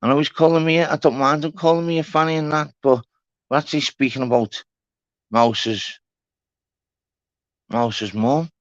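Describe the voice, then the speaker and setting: A man's voice: fairly high pitch, steady tone, moderate pace, long pauses, no room sound. A man hosting a casual livestream chat, blunt, swearing and repeating himself. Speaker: livestream host. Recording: dull lo-fi stream audio.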